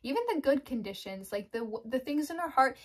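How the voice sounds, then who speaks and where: A woman's voice: sits high, expressive, fairly quick. A woman giving a casual devotional talk, chatty, laughing often and acting out her own inner thoughts. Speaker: Christian devotional vlogger. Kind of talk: casual faith talk to camera.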